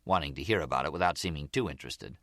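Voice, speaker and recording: A man's voice: rumbling low, racing, a bit bright, no echo, studio quality. A man reading a crime novel aloud as audiobook narrator. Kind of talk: scripted narration.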